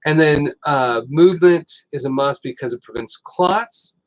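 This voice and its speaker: A middle-aged man hosting a casual health talk, telling stories with lots of fillers and getting animated. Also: on the high side, a little slow, rough recording. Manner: rambling, animated storytelling with fillers. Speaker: host.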